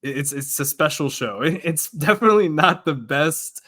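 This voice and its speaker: A young man co-hosting a podcast in a relaxed casual chat, laughing often. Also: a little high, normal speed. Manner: laid-back, laughs often, says "man" a lot. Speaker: podcast co-host.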